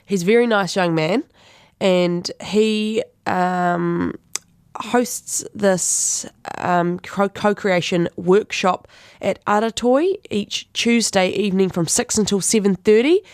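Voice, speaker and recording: A woman's voice: medium pitch, takes it slowly, clean tone, no room sound, studio quality. A woman with a New Zealand accent hosting a community radio show, chatting casually through local events with plenty of fillers and self-corrections. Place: radio studio.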